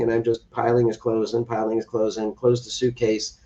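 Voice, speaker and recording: A man's voice: mid-range voice, steady tone, quick pace, a little mellow. A man speaking as a guest in an interview, telling an earnest personal story and acting out quoted dialogue. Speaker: podcast guest, adoptive father. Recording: distant, slightly dull podcast audio.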